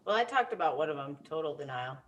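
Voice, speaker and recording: A woman co-hosting a casual chat who laughs loudly and teases, then explains topics plainly. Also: low-pitched, animated, fast, lo-fi sound. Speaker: co-host.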